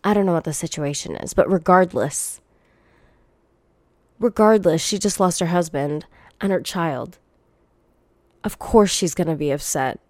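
A woman's voice: lowish voice, unhurried, pauses often, a little mellow, no room sound. A young woman hosting a solo podcast, venting bluntly and profanely while coming down with a cold. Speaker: podcast host.

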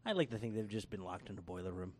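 A man's voice: lowish voice, expressive, quick pace, noisy background. A man co-hosting a casual wrestling podcast, laughing often and slipping into playful voices as he talks. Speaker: podcast co-host.

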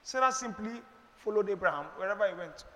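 A man's voice: high-pitched, expressive, quick pace, long reverb tail. A middle-aged man with a Nigerian accent, preaching emphatically and rhetorically as a pastor answering questions in a church. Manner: emphatic, rhetorical, preacherly, with sudden loud bursts.

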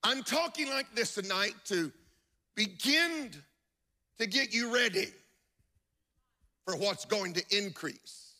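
A man's voice: high-pitched, animated, takes it slowly, pauses often, sharp tone. A man preaching a sermon to a congregation in church, emphatic and telling stories with acted-out quotes.

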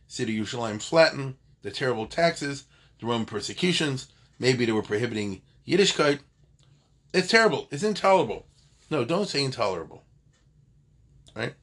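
An older man teaching a loose, chatty Talmud class. His voice is husky and sits at an ordinary pitch. He wanders off on asides and corrects himself mid-sentence. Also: a bit bright. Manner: digressive, conversational, self-correcting. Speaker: Torah teacher.

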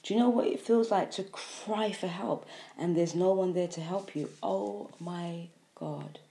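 Mellow, low-voiced woman preaching about health. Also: a little slow, creaky. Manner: earnest, emphatic, repetitive lists. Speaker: health speaker. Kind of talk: impassioned health monologue.

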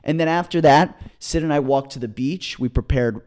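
A man co-hosting a comedy podcast, telling a long story in a casual, excited, rambling way with many restarts. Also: a little high, normal speed. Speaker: podcast co-host.

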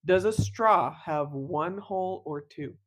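A woman's voice: on the low side, slow. A woman co-hosting a podcast in casual chat, teasing her co-host with silly trick questions and giggling often.

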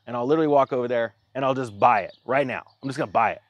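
A man's voice: mid-range voice, racing. A man telling a rambling, exasperated story as a video commentator, restarting his sentences and acting out both sides of a conversation. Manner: exasperated, self-interrupting restarts. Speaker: YouTube commentator. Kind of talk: casual anecdotal rant.

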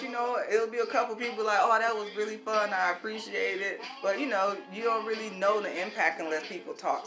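A host in casual conversation, talking expressively and often saying "look" and "baby.". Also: mid-range voice. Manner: expressive, animated, says "baby" and "look" a lot. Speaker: show host. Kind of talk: casual chat.

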